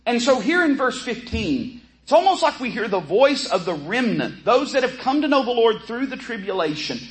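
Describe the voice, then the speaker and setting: A man's voice: sits high, a bit bright, poor audio. A man teaching a Bible course, earnestly explaining and reading scripture aloud with pleading emphasis.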